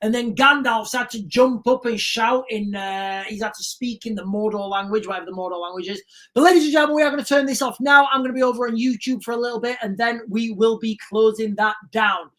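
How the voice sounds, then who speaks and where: A woman's voice: a little high, fairly even intonation, fast talker, a bit bright. A woman hosting a casual livestream, rambling and repeating herself, earnest and emotional, often calling her viewers "guys". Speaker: livestream host.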